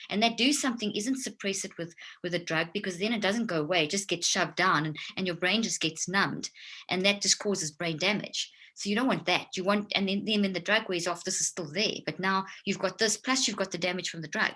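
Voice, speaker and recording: A woman's voice: mid-range voice, brisk, a bit bright. A woman speaking as a guest expert. She explains emphatically, like a lecture, and often restarts her sentences. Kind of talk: explanatory talk.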